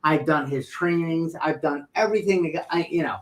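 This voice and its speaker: A middle-aged man co-hosting a talk show, telling a story in a playful, animated way and acting out what people said. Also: fairly high pitch, moderate pace, a little hiss or hum, rough recording. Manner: animated, playful storyteller who acts out quotes. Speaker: podcast co-host. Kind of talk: casual storytelling chat.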